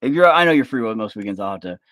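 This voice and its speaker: A man's voice: medium pitch, lively intonation, very fast, fairly bright tone, no echo, clean studio sound. A man rambling casually in a vlog, swearing often and calling the listener "bro", recorded on a handheld phone at home. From Oklahoma. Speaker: vlogger. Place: at home, kids nearby. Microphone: phone held up.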